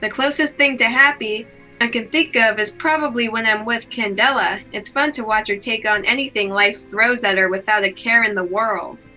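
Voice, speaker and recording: A woman reading aloud the lines of a gloomy, self-blaming young woman from a visual novel, in a slow, subdued, melancholy way. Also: a little high, bright, forceful tone, faint music behind, low-quality recording.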